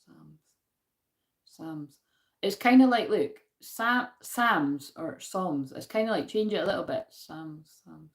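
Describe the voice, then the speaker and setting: A Scottish woman with a broad Glaswegian accent chats her way through a spiritual card reading, mid-pitched and easygoing. She reads verses aloud between asides to her viewers, laughing at herself as she goes. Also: lively intonation, a little slow. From Scotland. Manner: chatty and self-deprecating, laughing often and talking back to viewers. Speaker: spiritual card reader hosting a live stream. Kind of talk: casual live-stream chat with verse reading.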